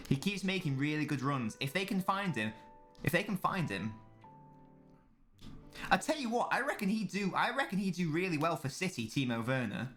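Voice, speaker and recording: A man's voice: a little high, fairly bright tone. A young man, casually chatting on a live stream about football, full of banter and swearing. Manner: banter-filled, swearing, answering chat. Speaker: streamer watching a football match.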